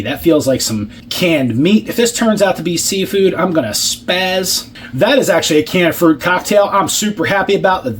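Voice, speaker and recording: Sarcastic guy tasting old food on camera, cusses a lot, kinda high voice, mouth full half the time. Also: a little hiss or hum. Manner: joking and sarcastic, swears casually; chews and hums with his mouth full. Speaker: ration review vlogger. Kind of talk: casual food-tasting vlog.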